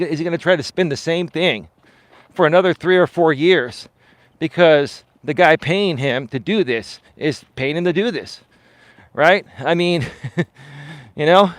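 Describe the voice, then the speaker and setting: A man's voice: fairly high pitch, measured pace, dry recording. A man, a life coach, chatting casually on a livestream while out walking, reading viewer comments and answering them. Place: outdoors on a walk.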